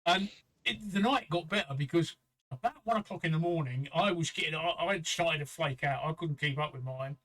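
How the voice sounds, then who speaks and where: A man's voice: a little high, fairly quick, fairly bright tone, rough recording. An older man from England, co-hosting a casual livestream chat and telling a story in a chatty, profane way. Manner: chatty storyteller, swears freely, acts out quoted voices. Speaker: livestream co-host.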